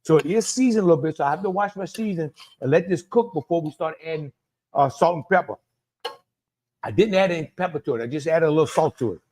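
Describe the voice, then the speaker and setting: Here a Cajun man from Louisiana, a cooking show host, talks fast and animatedly during a live cooking demonstration, his somewhat high voice a little mellow. He keeps up loose chatter, repeats his own phrases, and shouts out viewers by name while he cooks.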